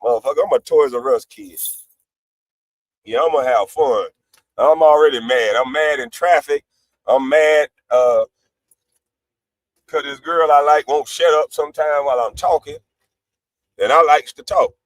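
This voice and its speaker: A man ranting on a live stream panel in a brash, profane way. He swings between loud outbursts and low, laughing asides. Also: moderate pace, pauses often, no room sound, rough recording. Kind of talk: heated livestream rant.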